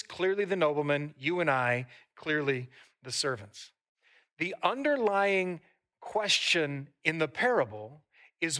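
Man, pastor, sermon, high voice, lively asides to the congregation. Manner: reads a long scripture passage aloud.

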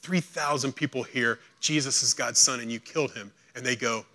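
A man preaching a sermon as pastor, acting out quotes and swinging between hushed, slow lines and loud, urgent ones. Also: medium pitch.

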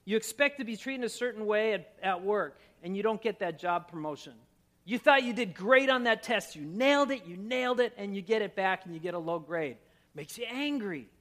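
Man, pastor, middle-aged, from Minnesota, strikingly high voice, animated sermon storytelling. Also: fairly quick. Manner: animated, self-mocking storyteller who laughs at himself.

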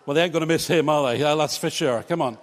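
A male pastor preaches to his congregation in a church, his voice a touch higher than most men's. He speaks in a conversational way and slips in light jokes. The sound carries a long reverb from the hall. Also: fast. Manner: conversational, humorous asides to congregation. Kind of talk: preached sermon.

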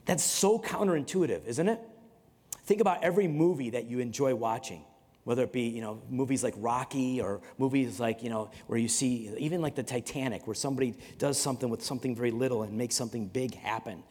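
A man's voice: mid-range voice, fairly quick, darkish tone, husky. A man preaching a sermon in a conversational way, often repeating words and acting out stories. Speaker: pastor. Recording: long hall reverb.

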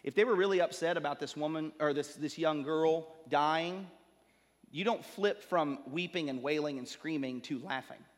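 Preaching a sermon, this pastor's high, light voice swells as his emphasis climbs, then drops into slow, hushed phrases to land a point. Every word carries a long reverberant tail, as though filling a vast sanctuary.

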